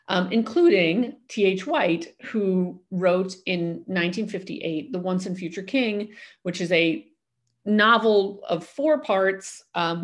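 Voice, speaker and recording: A woman co-hosting a podcast, explaining history in casual chat with frequent ums and easy laughs. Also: lowish voice. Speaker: podcast co-host.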